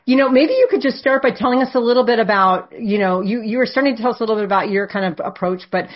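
A woman's voice: on the high side, quick pace. A woman hosting a podcast, chatty and encouraging, with many fillers as she introduces and questions a guest. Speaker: podcast host. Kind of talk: hosting an interview. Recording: dull lo-fi recording.

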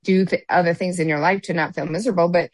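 A woman with a somewhat low voice chatting casually on a podcast. She rambles, loops back and restarts her thoughts with plenty of fillers. The sound is dry and close with no room echo. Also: steady tone, quick pace. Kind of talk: casual chat.

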